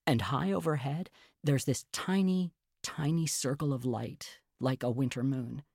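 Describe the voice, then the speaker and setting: A man reading the part of a fragile, anxious young woman in a storybook reading, earnest and quietly pleading. The voice has a gravelly, fry-edged grain at a middling pitch. The sound is dry and close, with no room around it. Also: a little slow, dry recording. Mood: eerie. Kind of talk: audiobook character reading.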